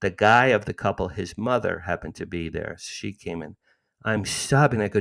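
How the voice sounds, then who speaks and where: Man, 60s, low-pitched interview guest; animated, emotional storyteller. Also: normal speed, gravelly. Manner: animated, emotional retelling with frequent restarts.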